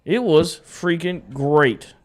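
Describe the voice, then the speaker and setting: Brief: man, sports co-host, upbeat joking banter, somewhat high voice. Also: animated, slow. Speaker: podcast co-host. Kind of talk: casual sports chat.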